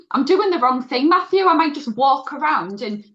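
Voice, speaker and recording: A middle-aged woman chats through an anecdote, her voice on the higher side. She laughs easily and tells the story with animated energy. The recording sounds dull and lo-fi. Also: measured pace. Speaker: podcast co-host. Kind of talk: casual chat.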